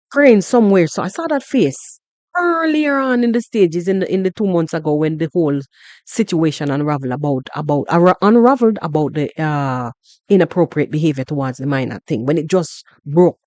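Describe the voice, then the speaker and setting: A Jamaican woman hosting a podcast, talking through a story in an animated, repetitive way and often asking "you understand?". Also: low voice, no room sound. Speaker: podcast host. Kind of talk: casual commentary monologue.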